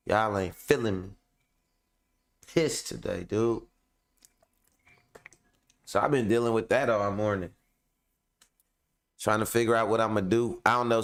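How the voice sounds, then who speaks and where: Man, low voice, smooth and resonant, casual venting monologue, rambling, profane, talks straight to viewers. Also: steady tone, a little slow, long pauses. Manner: heavy fillers, addresses viewers directly. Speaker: online show host.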